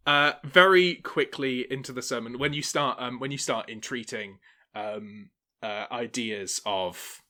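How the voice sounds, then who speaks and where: A man narrating as game master, halting with many fillers and often laughing. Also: medium pitch, sharp tone.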